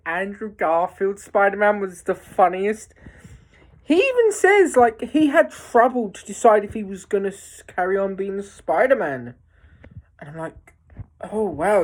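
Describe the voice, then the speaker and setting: A woman chats slowly through a film review. She rambles, full of fillers and restarts, and sounds excited about what she saw. Her voice sits at an ordinary middle pitch. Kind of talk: casual spoken film review.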